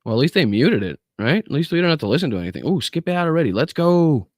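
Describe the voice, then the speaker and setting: A man's voice: fairly high pitch, sing-song, quick pace, darkish tone, no echo, studio quality. A man hosting a political podcast livestream, talking casually and sarcastically, swearing and thanking viewers by name. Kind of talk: livestream commentary.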